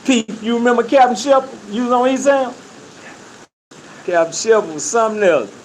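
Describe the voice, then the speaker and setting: A middle-aged man, telling stories in a casual, profane, animated way and laughing often. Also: very high voice, normal speed, a little hiss or hum, low-quality recording. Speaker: interview guest. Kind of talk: casual storytelling.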